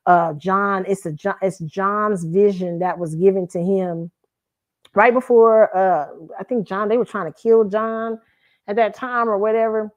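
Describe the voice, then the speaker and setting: A woman of middle pitch hosts a casual commentary stream. She rambles and corrects herself as she talks. Her voice is close to the mic and dry, with no room sound. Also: dry recording. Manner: rambling, self-correcting, chatty. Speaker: host.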